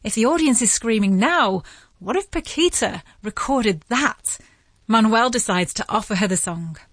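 A woman giving scripted narration as a podcast host, vivid and measured. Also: fairly high pitch, lively intonation, a bit bright, no room sound.

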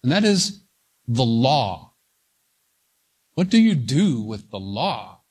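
Slow, deliberate male preacher. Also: medium pitch, very animated, a little mellow, husky. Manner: slow, deliberate, stressing single words. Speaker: pastor. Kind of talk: sermon, verse-by-verse Bible teaching.

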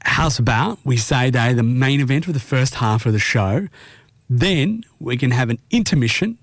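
A man's voice: medium pitch, expressive, moderate pace, no room sound. Exasperated man hosting. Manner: exasperated, keeps things polite. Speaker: podcast co-host.

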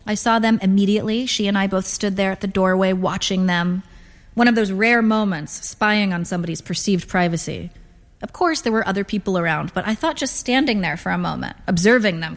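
Woman reading a story out loud, calm and wry, long echo like a big hall. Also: medium pitch. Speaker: narrator. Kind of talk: scripted literary narration.

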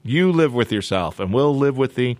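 A man hosting a radio talk show, telling a story in a playful, animated way. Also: mid-range voice, normal speed, dry recording. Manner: animated, playful, does silly voices.

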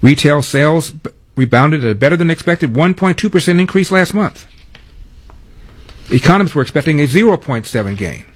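A man's voice: fairly high pitch, animated, brisk, breathy edge. A man hosting a talk radio show from a studio, delivering a monologue with wry, sardonic asides.

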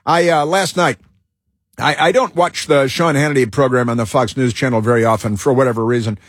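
Husky guy doing a rambly talk show monologue, lots of uhs and restarts, dry close sound. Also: mid-range voice, steady tone, dry recording. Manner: halting, with many fillers and restarts.

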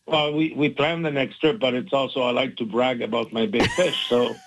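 A man's voice: medium pitch, steady tone, moderate pace, rough recording. A man in his sixties talking casually as a phone-in radio guest, with lots of fillers and restarts and an easygoing, smiling delivery. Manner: warm, chatty, many fillers and restarts, laughs easily.

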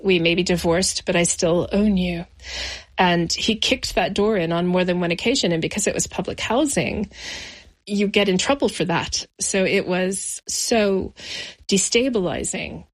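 A middle-aged woman as an interview guest, recounting her childhood in a reflective, measured way with slow pauses. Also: fairly low pitch. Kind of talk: personal memoir interview.

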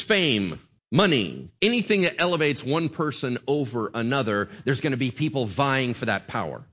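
Animated man preaching a sermon. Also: fairly high pitch. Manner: conversational, animated preaching with audience asides. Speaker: pastor.

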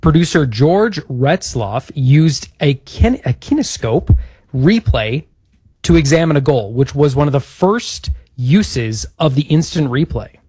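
A man's voice: on the high side, expressive, measured pace, darkish tone, breathy edge, dry recording, clean studio sound. A man co-hosting a podcast, recounting a bit of history in an upbeat, casual way. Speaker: podcast co-host. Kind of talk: casual chat.

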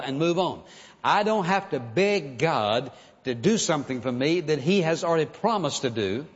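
A man's voice: fairly high pitch, expressive, moderate pace. A man preaching a sermon in an earnest, conversational way, now and then acting out pleading prayers. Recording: muffled sound in a large reverberant hall.

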